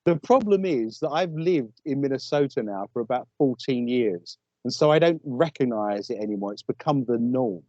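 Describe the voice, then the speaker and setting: A man with an East London English accent, a guest telling wry, animated stories in a casual interview. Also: medium pitch, normal speed, few pauses, no echo, dull audio. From England. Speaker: guest, paranormal investigator.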